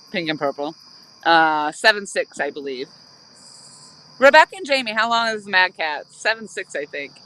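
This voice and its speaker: Brief: upbeat host, bright and a bit high, giggly, casual outdoor fishing stream chat. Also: female voice, low-quality recording. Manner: giggly, keeps breaking into laughter.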